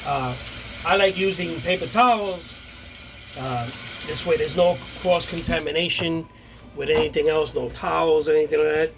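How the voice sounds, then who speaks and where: A man's voice: on the high side, fairly even intonation, normal speed. A man hosting a casual home cooking demonstration, talking the viewer through each step with many fillers and okays. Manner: chatty, repeats himself, many fillers and okays. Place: home kitchen with sizzling pan and running water. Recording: noisy kitchen with sizzling pan. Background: frying sizzle and running water.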